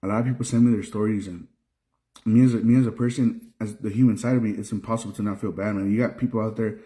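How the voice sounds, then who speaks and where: Young male trucker from Mexico, dark mellow tone, frustrated vlog rant with restarts. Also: on the low side, steady tone, quick pace. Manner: frustrated, repeats himself, restarts phrases. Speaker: trucker and video creator.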